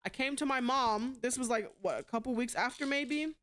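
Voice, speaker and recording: A woman's voice: sits high, moderate pace, fairly bright tone. A young adult woman streamer in casual chat, blunt and rambling, cussing freely. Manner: blunt and heavy on profanity; rambling with frequent restarts.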